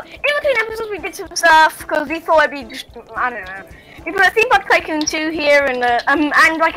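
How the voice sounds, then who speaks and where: A woman's voice: high-pitched, bright, forceful tone, poor audio. A woman chatting casually while playing a building game, rambling, giggling and correcting herself as she goes. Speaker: gaming YouTuber. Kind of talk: casual gameplay chat. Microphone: webcam and headphones at a computer.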